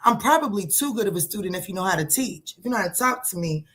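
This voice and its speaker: A middle-aged woman tarot reader chats playfully on a livestream, laughing often and answering her viewers' comments. Her medium-pitched voice is animated and fairly bright, and she talks quickly.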